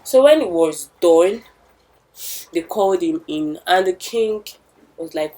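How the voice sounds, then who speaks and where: A woman's voice: on the low side, expressive, slow pace, pauses often, dark tone, low-quality recording. A young woman telling a village story with chatty asides to the listener. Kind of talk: oral storytelling.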